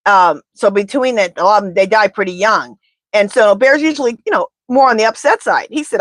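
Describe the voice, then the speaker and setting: A woman's voice: mid-range voice, fairly quick, fairly bright tone, no room sound. A woman tarot reader in casual live-stream chat, rambling and talking straight to her viewers.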